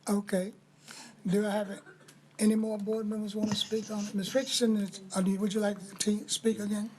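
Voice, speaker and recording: A woman chairing a public school board meeting, brisk and procedural. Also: medium pitch, flat delivery, a little mellow, slight background noise.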